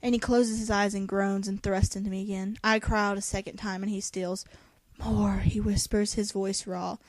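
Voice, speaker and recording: A woman's voice: mid-range voice, level tone, fairly quick, no room sound. A young woman reading a novel aloud in a dramatic voice, breaking off for sarcastic jokes. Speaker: reader.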